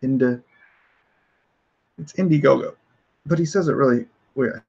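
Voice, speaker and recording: A middle-aged man hosts a home livestream in a mid-pitched voice that sounds a little off today. He rambles through asides, fillers and restarts, then reads news items aloud. The audio is dull and lo-fi, like a home stream. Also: expressive, moderate pace, vocal fry, pauses often, slightly rough. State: voice slightly off. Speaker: host of a livestream show. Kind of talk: casual livestream talk and reading news aloud.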